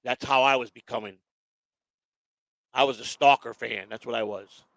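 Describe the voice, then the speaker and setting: A man's voice: medium pitch, steady tone, moderate pace, creaky, fairly bright tone, dry recording. A man hosting a casual chat, rambling and swearing, with lots of restarts. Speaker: show host.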